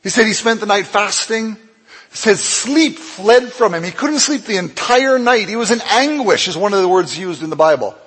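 A man preaching in a fairly high, husky voice, telling a Bible story and acting out its voices with big swings in pitch and loudness. His words ring out with a long reverb, as if he speaks in a church hall. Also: lively intonation, moderate pace. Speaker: pastor. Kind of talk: sermon.

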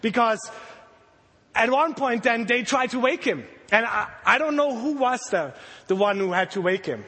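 Animated high-voiced preacher in a reverberant hall. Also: male voice, moderate pace. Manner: animated storytelling, acting out voices of the disciples. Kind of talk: sermon to children and congregation.

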